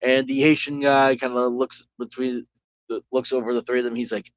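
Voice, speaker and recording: A man's voice: mid-range voice, little pitch movement, moderate pace, no room sound. Guy running a solo tabletop game, rambly, dry dull lo-fi mic. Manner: rambling, full of "like" and restarts. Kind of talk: casual tabletop game narration. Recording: dull lo-fi recording.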